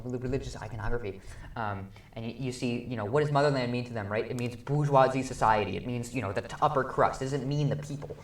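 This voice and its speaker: Excitable teen boy, echoey room. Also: mid-range voice. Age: teens. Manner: excitable, gushing, acts out scenes. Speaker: student film reviewer. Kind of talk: casual film review chat. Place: school studio room.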